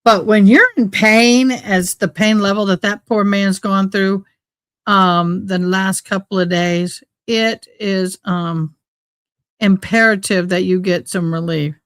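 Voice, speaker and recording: A woman's voice: medium pitch, steady tone, takes it slowly, fairly bright tone, no room sound, clean studio sound. A woman chatting casually on a livestream in a folksy, rambling way. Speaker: livestream host.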